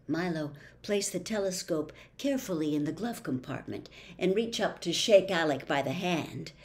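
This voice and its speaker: A woman reading a children's novel aloud as narrator, expressive and unhurried. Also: fairly low pitch. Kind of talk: storybook read-aloud.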